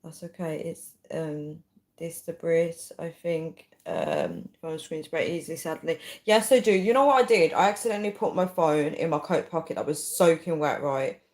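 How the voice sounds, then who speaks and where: A woman with a low, darkish voice hosts a casual livestream, chatting and rambling with lots of ums while reading viewer comments. Her intonation is lively, her pace moderate, and the sound is reverberant.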